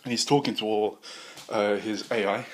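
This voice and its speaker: A man's voice: lowish voice, steady tone, moderate pace, a bit bright, slight background noise. A man hosting a podcast, improvising a comic story in a rambling, profane way. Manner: rambling, profane, many fillers and restarts. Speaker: podcast host.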